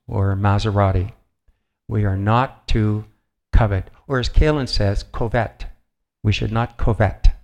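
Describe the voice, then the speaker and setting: An older man giving a sermon, reading slowly and measuredly, with pauses and fillers as he tells a family story. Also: lowish voice, a little mellow. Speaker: preacher.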